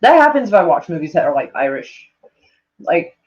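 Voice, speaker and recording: A man's voice: a little high, very animated, normal speed. A man live-streaming in a loose, meandering chat, heavy on "like" and freely swearing, with a mild speech impediment. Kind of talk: casual rambling stream chat. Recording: dull lo-fi home stream audio.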